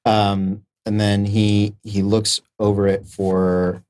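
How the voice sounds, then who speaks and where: A man's voice: lowish voice, little pitch movement, slow, darkish tone. A man narrating as game master of a live-streamed tabletop game, rambling loosely with many fillers.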